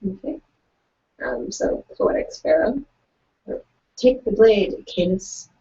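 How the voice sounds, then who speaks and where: A woman's voice: mid-range voice, lively intonation, takes it slowly, warm tone, far from the mic. A young woman co-hosting a live online writing session, chatting casually and reading out excerpts in an upbeat, plain voice. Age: young adult. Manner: upbeat, reads quotes in a plain voice. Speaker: co-host of a virtual writing event. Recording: muffled, from away from the mic.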